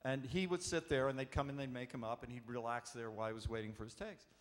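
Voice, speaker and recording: A man, an actor, telling animated anecdotes at a convention panel, acting out the voices in his stories. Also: medium pitch, fast talker. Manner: warm, animated storyteller acting out quotes. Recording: echoey convention hall.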